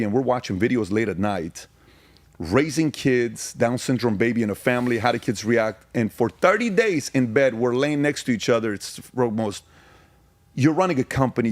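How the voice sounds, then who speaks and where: A man's voice: fairly low pitch, a little mellow, no room sound. A middle-aged man from Iran, a podcast guest, telling stories in an emphatic way and hammering points through repetition. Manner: emphatic, rapid-fire repetition. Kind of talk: casual storytelling.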